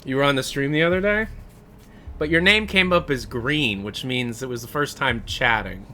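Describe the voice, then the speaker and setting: A man streaming and chatting casually with viewers, often in low, mumbled asides. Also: normal speed, pushed and bright, slight background noise.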